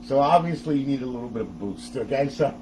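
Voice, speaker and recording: A man's voice: medium pitch, animated, fast talker, a little mellow, slight background noise, rough recording. A middle-aged man hosting a casual step-by-step tech tutorial, chatty and often laughing as he talks to viewers.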